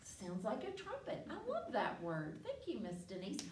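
Animated woman reading to children. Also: medium pitch, moderate pace, heavy background noise. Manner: animated, playful animal sounds, laughs often. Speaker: library story time host. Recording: echoey room, mic far off.

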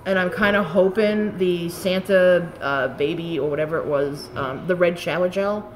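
A woman's voice: lowish voice, moderate pace, a little hiss or hum. A woman, rambling and swearing casually as she chats on a live stream about beauty products. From Staten Island, New York. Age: late 30s.

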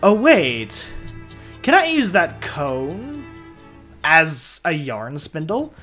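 A man's voice: fairly high pitch, huge pitch swings, very slow, sharp tone, faint music behind. A man doing casual let's play commentary, tired and yawning, rambling and talking to himself with frequent restarts.

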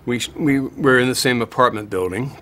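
A man in an interview, reminiscing in a halting way about a former neighbor. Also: medium pitch, fairly bright tone.

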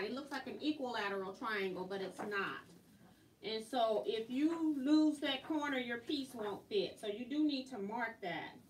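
A woman hosting a casual live quilting tutorial, chatty and quick to laugh. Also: a little high. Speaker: quilting instructor and host. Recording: roomy, distant mic, faint noise.

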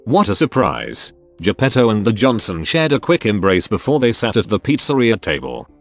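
A synthetic male text-to-speech voice narrating a story in a flat machine reading. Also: lowish voice, fairly quick, soft background music.

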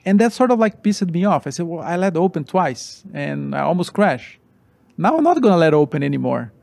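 A man, a former racing driver guest telling his story in halting, animated with many restarts. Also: a little high, creaky, dry recording. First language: Portuguese. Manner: animated, halting non-native English with restarts. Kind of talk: interview storytelling.

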